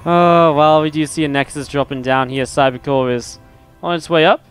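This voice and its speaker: A man's voice: fairly high pitch, fairly even intonation, normal speed, soft background music. A man casting a video game match solo, chatting with his stream chat in a rambling, laid-back way between play-by-play calls. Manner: rambling, chatty, laughs at own stories. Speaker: esports caster and streamer.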